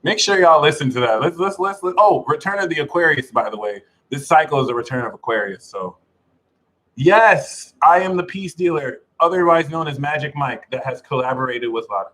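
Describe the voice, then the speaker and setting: A British man hosting a livestream, bantering in a jokey, boastful way and freestyling rhymes with a steady rhythm. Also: fairly high pitch, brisk, rough recording. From United Kingdom. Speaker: livestream astrology host. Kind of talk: playful freestyle rapping and banter. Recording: music playing clearly behind the voice. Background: music.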